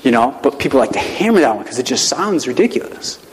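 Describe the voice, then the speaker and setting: Conversational pastor in an echoing hall. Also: male voice, mid-range voice, very animated, fast talker, slight background noise. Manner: conversational, asks many rhetorical questions. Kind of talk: sermon.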